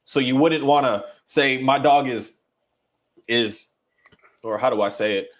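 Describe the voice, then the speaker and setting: A man who works as a dog trainer, talking in a casual, rambling and halting way, now and then voicing his dog's thoughts. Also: mid-range voice. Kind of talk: casual conversation.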